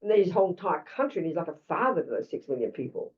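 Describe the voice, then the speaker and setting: Older australian woman teaching, lowish pitch, blunt, chatty asides, dull far-off mic. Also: very animated, racing. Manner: blunt, conversational, frequent asides. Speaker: Buddhist teacher. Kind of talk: dharma talk. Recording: lo-fi, distant mic.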